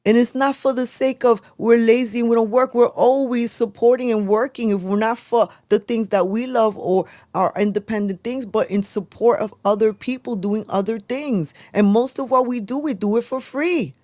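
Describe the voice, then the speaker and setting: A woman's voice: fairly high pitch, moderate pace, few pauses, a little mellow, no echo, clean studio sound. A woman from New York City, co-hosting a casual political livestream, talking animatedly and slipping phrases into her English. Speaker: livestream co-host.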